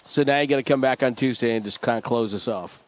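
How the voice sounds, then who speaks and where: A male sports broadcaster closing out a postgame show. He speaks in a relaxed, good-natured way and teases his partner with amusement. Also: mid-range voice, quick pace. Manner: easygoing, amused, teasing sidekick. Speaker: play-by-play broadcaster.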